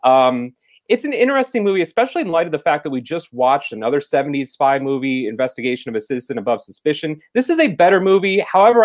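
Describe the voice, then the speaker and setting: A man co-hosting a podcast, reviewing a film in rambling, halting casual talk full of fillers and restarts. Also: medium pitch. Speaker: podcast co-host reviewing films.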